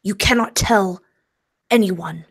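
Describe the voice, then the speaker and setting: A woman voicing an intense male police inspector who speaks in a pressing, hushed way. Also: mid-range voice, takes it slowly, vocal fry, husky, full character voice. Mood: urgent.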